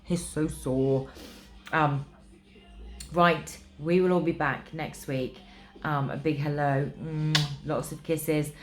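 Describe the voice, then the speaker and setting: Middle-aged woman from England, very low voice, warm gushing chatty vlogger, recovering from illness. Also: steady tone, slow pace, soft background music. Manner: gushing, emotional, chatty with many ums. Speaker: craft vlogger. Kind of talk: casual chat to camera.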